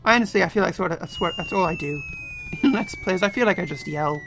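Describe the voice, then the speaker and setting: A young man doing playful, self-mocking commentary on his own gameplay, often breaking into sudden yells. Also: high voice, lively intonation, quick pace, vocal fry. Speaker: let's play gamer. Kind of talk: game commentary. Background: game music.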